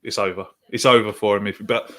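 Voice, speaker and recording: A man's voice: on the low side, steady tone, fairly quick, pushed and bright. A man hosting a live watch-along of a football match, reacting with frustration and reading out viewer comments. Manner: exasperated, reads viewer comments aloud. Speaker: podcast host streaming a match watch-along.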